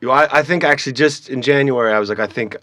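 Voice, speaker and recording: A man's voice: mid-range voice, very fast, pushed and bright, no echo. A man from Canada, a stand-up comedian, chatting as a guest in an interview, often restarting his sentences with a self-deprecating tone. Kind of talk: casual interview chat.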